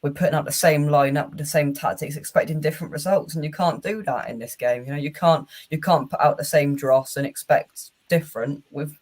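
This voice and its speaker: A man's voice: on the high side, steady tone, a little fast, hardly any pauses. A man hosting a casual football chat, giving frank, weary match analysis with lots of fillers and restarts. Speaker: host.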